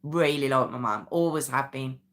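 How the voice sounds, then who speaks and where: A woman's voice: rumbling low, normal speed. A woman with an English Midlands accent hosting a casual live stream, chatting and rambling as she reads out viewer comments. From England. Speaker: true crime livestream host.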